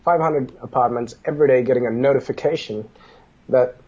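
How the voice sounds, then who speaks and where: A man telling business stories in a casual interview, animated, acting out the dialogue as he goes. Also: medium pitch, a little fast, lo-fi sound. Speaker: business guest.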